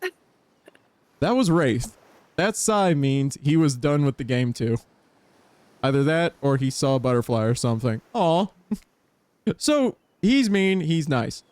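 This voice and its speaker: A man streaming a dating game, reading its text aloud and reacting with playful laughs and sudden high-pitched bursts. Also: animated, measured pace, long pauses, darkish tone, no echo.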